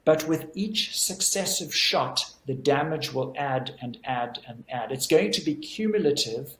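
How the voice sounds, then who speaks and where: A man's voice: mid-range voice, expressive, a little slow, a bit bright. Earnest man explaining, echoey room. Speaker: physician guest. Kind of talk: explanatory interview answer.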